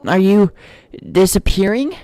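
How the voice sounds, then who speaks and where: A woman's voice: mid-range voice, animated, unhurried, dark tone, close to an everyday voice. A woman voicing an earnest young child searching for missing parents in a game. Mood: anxious.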